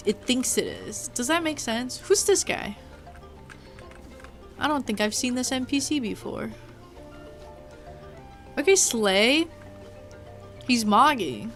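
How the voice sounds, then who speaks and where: A woman's voice: medium pitch, a bit bright. A woman streaming a video game, chatting casually and rambling to her chat, sometimes talking with her mouth full. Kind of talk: casual live-stream chat while gaming. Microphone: desk mic.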